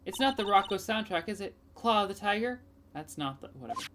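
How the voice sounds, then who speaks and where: A woman voicing an excitable teenage girl sidekick who talks in a lively, dramatic way over game music. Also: medium pitch, fairly quick, background noise, natural voice. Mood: excited.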